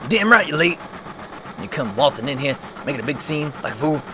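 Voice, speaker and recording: A man doing Barret, a loud gruff rebel boss. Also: lowish voice, measured pace, noisy background. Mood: angry. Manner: shouting, blustering. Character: gruff loud burly male rebel leader.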